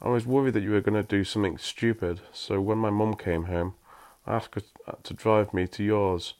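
A man doing a young woman in a storybook, urgent and bossy, short clipped commands, voice raised a little above his own deep tone, slightly louder. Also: fairly even intonation, moderate pace, natural voice. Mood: explaining.

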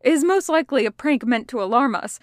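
Woman voicing a clipped logical young man, formal wording, a bit higher, dry close sound. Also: lively intonation, dry recording. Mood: hurried. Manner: exact, formal speech, quick when alarmed.

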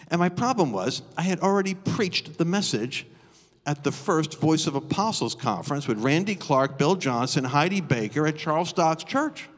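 A man preaching a storytelling sermon live in a church, animated and acting out the voices of people he quotes. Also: a little high, normal speed. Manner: animated, acts out quoted dialogue. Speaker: guest preacher. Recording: long reverb of a church hall.

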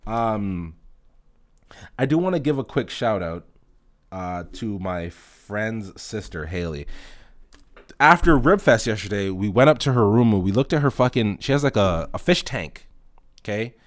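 A man hosting a casual solo podcast, telling profane stories in an animated way and acting out the dialogue. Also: fairly low pitch, a little slow, no echo, studio quality. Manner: acts out dialogue in anecdotes. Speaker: podcast host.

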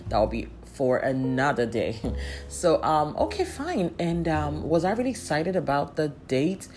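A woman's voice: low-pitched, very animated, measured pace, darkish tone. A young woman telling a story in a sassy, chatty way and laughing often. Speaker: vlogger. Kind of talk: casual storytelling. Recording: faint music underneath.

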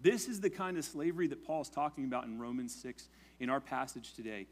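A male pastor preaching a sermon in a conversational way, often checking in with "right?" and praying in a hushed voice. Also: fairly quick. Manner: prays in a low, hushed voice.

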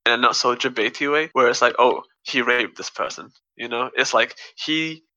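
A young man hosting a casual film discussion, retelling scenes in an animated way. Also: mid-range voice, normal speed, highs cut off. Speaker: podcast host.

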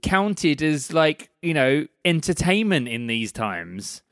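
A man's voice: on the high side, very animated, takes it slowly, fairly bright tone, no room sound, studio quality. A man co-hosting a podcast, chatting casually and thinking aloud with hedges and fillers. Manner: thoughtful, hedging with fillers. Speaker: podcast co-host. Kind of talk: casual chat.

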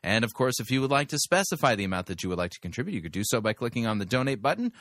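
A man hosting a talk radio show, commenting with sarcasm and loud mock outrage. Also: mid-range voice, sing-song, rapid-fire, dry recording, studio quality.

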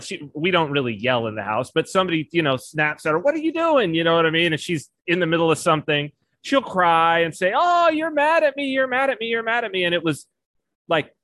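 A man, a podcast co-host, telling a family story in casual chat, animated and quick to act out what others said. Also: on the high side, no room sound. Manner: animated storyteller, acts out quoted voices.

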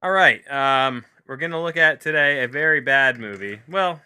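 A man's voice: mid-range voice, moderate pace, bright, forceful tone, smooth, dry recording. A man reviewing a movie from his home office, rambling and self-deprecating, with many fillers and restarts.

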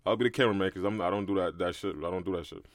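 Fast-talking young Brooklyn man, low voice. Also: no room sound. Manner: fast, slangy, animated storytelling. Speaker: podcast co-host. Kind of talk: casual podcast chat.

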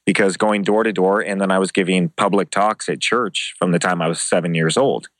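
A man telling casual anecdotes as an interview guest, swearing freely and acting out other people's lines. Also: no room sound. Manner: animated, acts out quoted dialogue with pitch jumps. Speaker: interview guest, former MMA show host.

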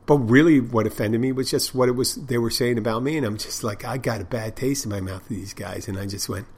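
A man's voice: medium pitch, brisk, a little mellow, slightly rough. A man with an ordinary mid-range voice tells stories from behind the bar in a loose, meandering monologue. He swears freely and often circles back to restart his sentences. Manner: rambling, profane, with many restarts. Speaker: bartender and podcast host. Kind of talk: casual storytelling monologue.

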